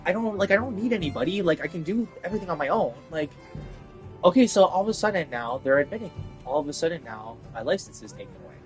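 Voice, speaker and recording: A young man rants to the camera in a fairly high voice, profane and agitated, circling back over the same points again and again. Faint music plays behind him. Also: low-quality recording. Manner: agitated, profane, repetitive venting. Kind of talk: ranting monologue.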